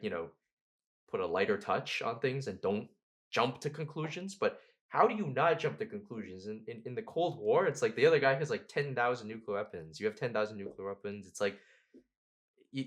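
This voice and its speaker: Podcast guest: man, lively slangy storyteller, mid-pitched voice. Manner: animated, laughing storyteller with slangy asides. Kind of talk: casual podcast conversation.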